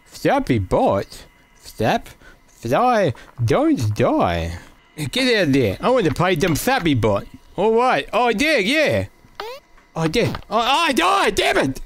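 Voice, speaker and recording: A man with a high voice that leaps all over the place narrates his own VR game play. He is excitable and goofy, breaking into sudden shouts and mock-serious asides for his viewers. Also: slow pace. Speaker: gaming video creator. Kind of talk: playing a VR game with commentary.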